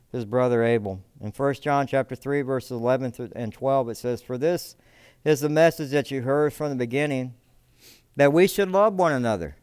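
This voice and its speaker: Male preacher, sermon delivery; smooth resonant tone, dry recording; emphatic swings in volume, repeats key words. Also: dry recording. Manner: swings between loud emphasis and low, quiet asides.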